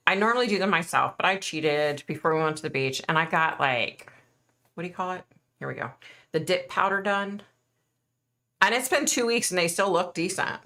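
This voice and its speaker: Middle-aged woman, livestream host, earnest and chatty, lowish pitch with a bright tone. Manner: chatty, earnest, reads and answers viewer comments. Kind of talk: casual livestream chat with viewers.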